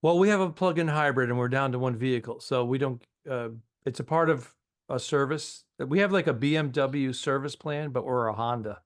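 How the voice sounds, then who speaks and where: A man co-hosting a comedy podcast, reacting to his partner's story with quick, indignant interjections and asides. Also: medium pitch. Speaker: podcast co-host. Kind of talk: casual comedic banter.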